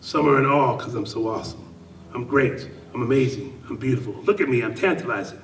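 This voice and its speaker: A man's voice: medium pitch, animated, a little fast, slight background noise. A middle-aged man performing spoken word poetry with rhythmic, repetitive, playful affirmations. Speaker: performance poet. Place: club meeting room. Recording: echoey room, mic at a distance.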